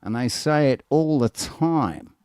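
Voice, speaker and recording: A man's voice: medium pitch, expressive, slow pace, clear, resonant tone, dry recording, studio quality. A man co-hosting a casual live stream chat, joking crudely and swearing freely. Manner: crude, joking, loud bursts. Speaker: stream co-host.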